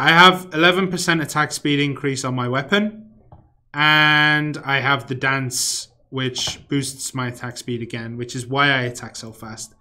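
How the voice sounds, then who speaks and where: Young man, game streamer, casual rambling chat, swearing, humming to himself, tense bright tone. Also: fairly high pitch. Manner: rambling, swears freely, mutters and hums to himself while playing. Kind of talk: casual live-stream chat while playing.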